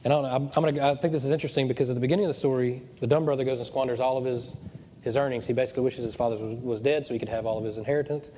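A man's voice: mid-range voice, fairly even intonation, racing, warm tone, slight background noise. A man preaching a sermon as pastor of his church, joking and digressive as he goes. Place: church hall. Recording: long church reverb.

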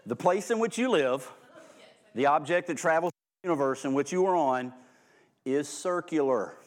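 A man's voice: on the high side, expressive, normal speed, a faint crowd. Joking, conversational male preacher. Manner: joking and self-deprecating, swinging from hushed to loud. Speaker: pastor. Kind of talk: informal humorous sermon.

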